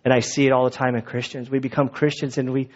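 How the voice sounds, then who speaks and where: A middle-aged male pastor preaching a sermon, animated, often acting out the voices of the people he quotes. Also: mid-range voice, quick pace. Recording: dull lo-fi recording.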